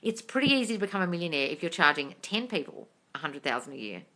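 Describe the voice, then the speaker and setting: Woman live-stream host, casual chat, blunt and sweary, low-pitched, bright and forceful tone. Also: sing-song, fast talker. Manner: blunt, sweary, calls viewers darling. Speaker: live-stream host answering viewer comments. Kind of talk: casual chat reading comments.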